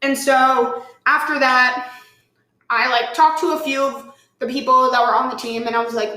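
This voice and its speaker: Guest, female, animated storyteller, swears freely, echoey room. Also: a little high, normal speed. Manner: animated, swearing, lots of "like", acts out quotes. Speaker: podcast guest. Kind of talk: casual storytelling chat. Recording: roomy echo.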